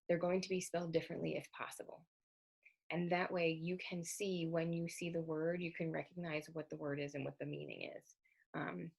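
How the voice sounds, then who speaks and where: A woman's voice: fairly low pitch, gravelly, darkish tone, husky. A woman literacy educator giving an explanatory lecture in a conversational way, often asking rhetorical questions.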